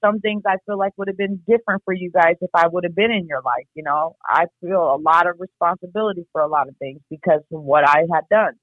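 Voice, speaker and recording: A woman's voice: lowish voice, no room sound. Blunt woman on a tinny phone line. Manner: blunt, swears freely, halting and reflective. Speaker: guest, host's sister. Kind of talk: candid personal account.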